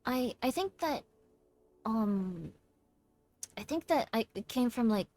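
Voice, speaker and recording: Lively bubbly woman streamer. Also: on the high side, slow pace, dry recording. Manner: bubbly, excitable, playful. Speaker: streamer host. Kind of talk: casual stream chat.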